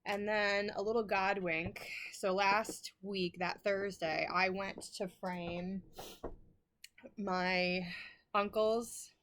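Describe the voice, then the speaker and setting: A woman's voice: medium pitch, steady tone, drawn-out words, a bit bright. A middle-aged woman chatting to camera as a vlog host, rambling, apologizing and laughing often, emotional and close to tears. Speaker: flosstube host. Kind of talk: casual chat to camera.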